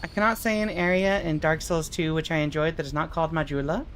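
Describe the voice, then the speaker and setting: A young adult woman streaming a game, chatting casually with her chat and swearing in expressive outbursts. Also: deep voice, fast talker, slight background noise.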